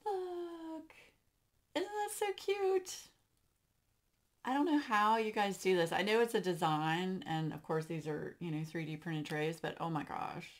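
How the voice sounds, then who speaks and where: A woman's voice: fairly low pitch, normal speed, few pauses. A woman, hosting a craft channel and gushing over gifts she unboxes for viewers, with frequent gasps. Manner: gushing, lots of gasps and exclamations.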